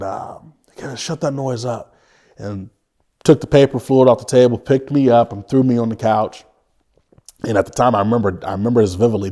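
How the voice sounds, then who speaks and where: Male interview guest, low voice, sincere first-person storytelling with frequent restarts. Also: mellow. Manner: earnest, halting, with frequent restarts; vivid retelling.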